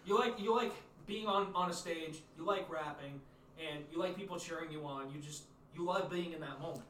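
A man's voice: a little high, fairly quick, fairly bright tone. A man interviewing a rapper, asking easygoing questions and reacting eagerly. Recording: roomy echo, distant from mic, faint noise.

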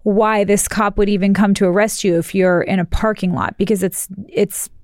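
A woman's voice: mid-range voice, fairly even intonation, normal speed, a little mellow, no echo, clean studio sound. A woman co-hosting a podcast in casual chat, explaining things plainly and asking pointed questions. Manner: matter-of-fact, explains and questions. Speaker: podcast co-host.

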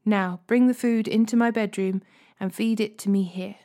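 A woman's voice: medium pitch, steady tone, moderate pace, warm tone, lightly acted. Woman reading as a demanding young prince.

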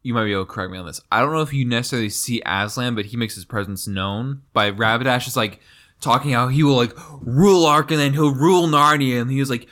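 A man talking through a fantasy novel with a friend in easygoing, chatty fashion. His voice sits at an ordinary middle pitch. He gets animated and often breaks into playful impressions of the characters. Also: quick pace. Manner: animated, slips into mock voices and dramatic readings. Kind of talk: casual book discussion.

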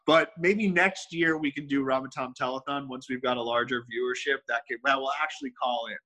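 A man's voice: medium pitch, fairly even intonation, a little fast, bright, forceful tone, poor audio. A man co-hosting a podcast, chatting casually in a rambling way and laughing often. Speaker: podcast co-host. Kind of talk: casual chat.

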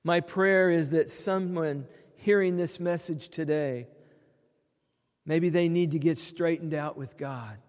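A man preaching a sermon, earnest, dropping quiet for tender quotes and swelling on lists. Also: a little high, takes it slowly. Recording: long hall reverb.

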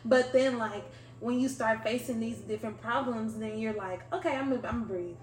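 A woman hosting a podcast, talking casually in a rambling, animated way with lots of fillers. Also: a little high, fairly quick. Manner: rambling, animated, heavy use of "like". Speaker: podcast host. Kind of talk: casual interview chat. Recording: echoey room, faint music.

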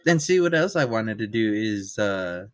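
Hesitant low-voiced man podcaster. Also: expressive, moderate pace, dry recording, studio quality. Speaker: podcast co-host. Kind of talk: casual chat.

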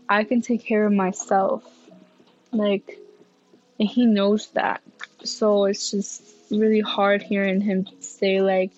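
Tired young woman hosting her own podcast late at night, lots of swearing, likes and ums, mid pitch, dull lo-fi sound. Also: a little mellow. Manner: candid and profane, many fillers. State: tired, yawning. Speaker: podcast host. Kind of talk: casual solo podcast monologue.

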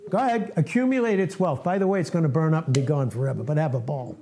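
A man's voice: fairly high pitch, quick pace, mellow. A man in his late sixties giving an informal, earnest sermon to a small fellowship. He talks in a folksy, self-deprecating way and repeats himself. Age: 60s. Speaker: preacher.

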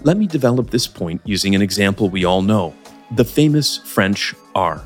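A man teaching English as the host of a scripted podcast lesson, speaking in a clear, measured, explanatory way. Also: lowish voice, very animated, soft background music.

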